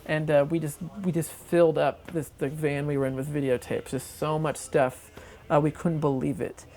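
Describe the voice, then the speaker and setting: Interviewee, documentary anecdote, rambling, excitable, filler-heavy, mid-pitched voice. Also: moderate pace, a little hiss or hum.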